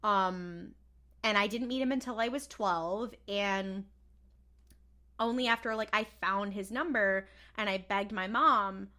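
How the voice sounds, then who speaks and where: A woman co-hosting a podcast, recapping a TV episode in casual chat, laughing often and acting out the characters' lines in flat mock voices. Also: medium pitch, unhurried. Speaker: podcast co-host.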